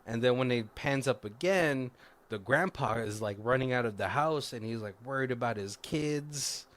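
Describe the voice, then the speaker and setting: A man's voice: medium pitch, moderate pace, a bit bright. Rambling man recapping a film. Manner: rambling, many fillers and self-corrections, frequent laughs. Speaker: podcast co-host. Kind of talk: casual movie recap.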